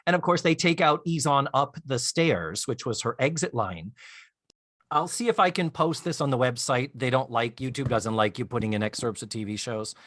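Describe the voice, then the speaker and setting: A man co-hosting a podcast in casual chat, animated and storytelling, acting out scenes as he goes. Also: mid-range voice, a little fast, no echo, studio quality. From Florida, US. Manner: animated storyteller, acts out lines and hums tunes. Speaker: podcast co-host.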